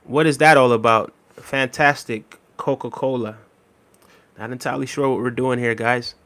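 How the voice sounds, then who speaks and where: A young adult man streaming live, reading viewer chat with an easygoing manner, many ums and friendly shout-outs. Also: medium pitch, fairly even intonation, normal speed.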